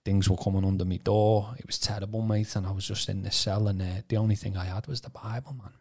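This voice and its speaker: Low-voiced man telling a story. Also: fast talker, husky. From Birkenhead, England. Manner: animated, stammering repetitions. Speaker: podcast guest telling his testimony. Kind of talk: casual storytelling.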